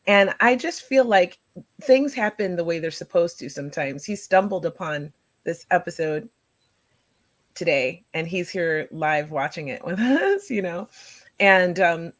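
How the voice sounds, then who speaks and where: A woman hosting a live show, talking in long rambling chains of thought and restarting her sentences. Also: fairly low pitch. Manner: rambling, thinking aloud. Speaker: host.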